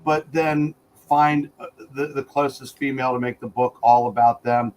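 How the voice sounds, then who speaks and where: Dude co-hosting a chat, blunt, rambly, says you know a lot, faint hiss behind. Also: male voice, mid-range voice, fairly even intonation, moderate pace, a little mellow, low-quality recording. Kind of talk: casual chat.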